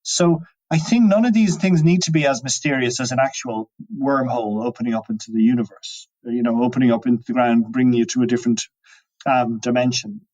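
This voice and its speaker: A man's voice: mid-range voice, steady tone, brisk, darkish tone, muffled recording. A man talking as an interview guest, musing and reflective, often restarting his sentences. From Ireland. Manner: musing, many restarts and trailing phrases.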